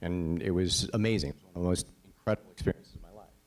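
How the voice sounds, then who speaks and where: A man's voice: low-pitched, fast talker. A man from Connecticut, a voice actor on a panel, telling stories in a blunt, emphatic way, swearing now and then and often asking "right?". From Connecticut, USA. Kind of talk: casual panel storytelling.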